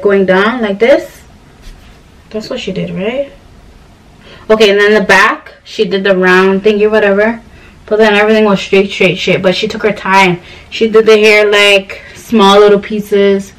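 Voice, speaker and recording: A woman's voice: mid-range voice, measured pace. Young woman vlogger from Ghana, rambly chatty storyteller, slightly distant mic. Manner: chatty, rambling storytelling with animated quoted voices. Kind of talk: casual chat to camera.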